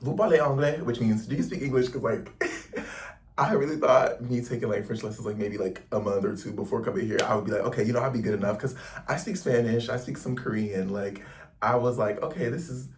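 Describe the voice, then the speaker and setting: This young American vlogger speaks briskly in a fairly low voice, casually rambling to camera from his Paris lodging with lots of slang and "like". The mic is distant and there's a little hiss or hum.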